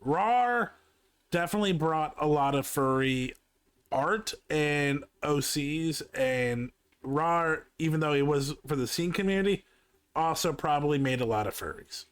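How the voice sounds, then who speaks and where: Male streamer for casual chat: takes his time, smooth clean tone, blunt profane asides. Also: a little high, a little slow, no echo. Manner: candid, profane asides with many fillers. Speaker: streamer reacting to a video.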